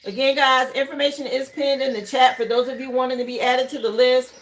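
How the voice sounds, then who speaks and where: A woman's voice: high-pitched, steady tone, a little fast, slight background noise, low-quality recording. A woman doing a casual live tarot reading at home, chatty, greeting viewers and thinking aloud over the cards. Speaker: tarot reader hosting a live stream. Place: home livestream setup, burning incense.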